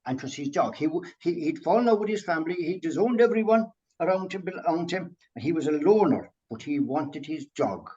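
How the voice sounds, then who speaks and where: Lively Irish-born storytelling man. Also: a little high, a little fast, hardly any pauses, dull audio. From Ireland. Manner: lively storyteller, laughs often. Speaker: medium sharing a story. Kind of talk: chatty anecdote.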